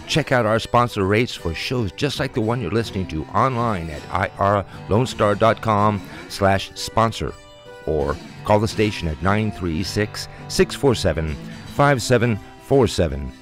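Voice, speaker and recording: Low-voiced male radio announcer. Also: animated, unhurried, faint music behind. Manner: smooth read promotional delivery. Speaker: station announcer. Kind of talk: scripted radio promo.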